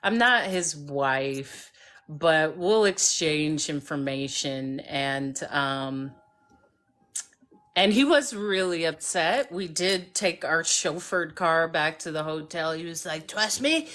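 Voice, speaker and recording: A woman hosting a casual live stream, telling a lively story and acting out the voices of the people in it. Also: low voice, slow pace. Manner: animated storyteller who acts out voices. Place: home by a fireplace.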